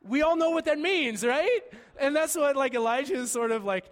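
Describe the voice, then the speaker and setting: A man with a high, light voice preaching to a congregation. He tells the story with playful humor, dropping to a quiet hush and then rising to loud excitement. His words ring out with the long echo of a large hall. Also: moderate pace. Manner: animated storytelling with humor, voice swinging from soft to loud. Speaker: pastor. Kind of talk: sermon.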